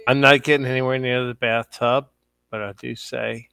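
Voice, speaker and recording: A man's voice: mid-range voice, little pitch movement, normal speed, vocal fry, sharp tone, smooth, dry recording, clean studio sound. A man guest-hosting a casual podcast, affectionate and a little tipsy. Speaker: guest host. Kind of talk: casual chat.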